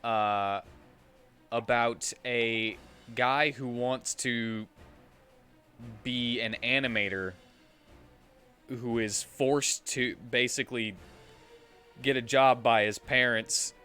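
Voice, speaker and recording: A man streaming a game, chatting casually and retelling a film in a halting, rambling way. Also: medium pitch, steady tone, pushed and bright, smooth. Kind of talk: casual chat while gaming. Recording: faint game music behind.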